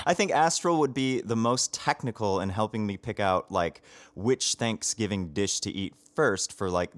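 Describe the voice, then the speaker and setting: Chatty man with a lowish voice. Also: no echo. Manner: chatty, enthusiastic, with frequent ums and laughs. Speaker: voice actor. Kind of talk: casual video message.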